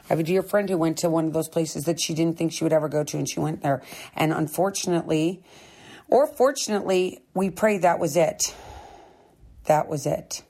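Earnest woman with a lowish voice. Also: normal speed, dark tone. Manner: earnest, repetitive, encouraging. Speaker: sobriety podcast host. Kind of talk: candid personal monologue.

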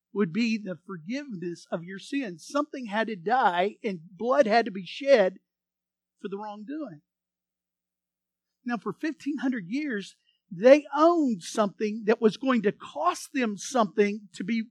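Male pastor, very high voice, animated sermon, dry close sound. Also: no echo. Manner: animated, acts out voices from the story and leads the congregation in repeating phrases.

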